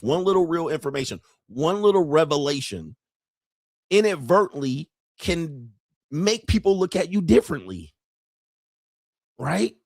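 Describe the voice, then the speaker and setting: A man hosting a commentary channel, telling jokey stories in a loud, profane, animated way. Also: a little high, no echo, studio quality. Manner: profane, joking, animated storytelling. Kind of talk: casual commentary.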